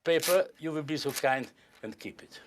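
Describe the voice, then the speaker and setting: Lively older magician with playful patter. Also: male voice, on the high side, moderate pace. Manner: playful, courtly and joking with volunteers. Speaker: stage magician. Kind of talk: live magic performance patter.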